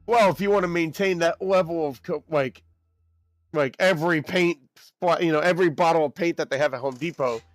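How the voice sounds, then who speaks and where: A young man streaming a game, chatting casually with his audience in an excitable, rambling way with quick laughs. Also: fairly high pitch, dry recording. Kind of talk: casual live-stream chat while gaming.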